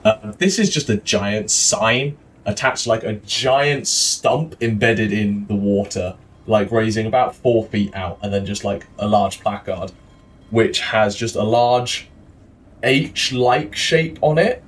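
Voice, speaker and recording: A man's voice: fairly low pitch, slow. A man with a Welsh accent, narrating a tabletop game as dungeon master in a loose style full of fillers. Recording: distant mic with faint noise.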